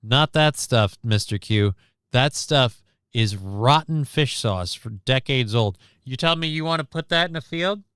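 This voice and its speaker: A man's voice: medium pitch, expressive, measured pace, a bit bright, clear, resonant tone, no room sound, clean studio sound. A man streaming casual reaction commentary on a news clip, sarcastic and rambling, reading chat comments aloud.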